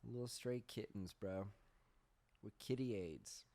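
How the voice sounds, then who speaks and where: Young male podcast host, lowish voice, loose rambling storyteller who swears freely. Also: slow, creaky, mellow. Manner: rambling, swears often, laughs at himself; reads search results aloud. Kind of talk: casual storytelling chat.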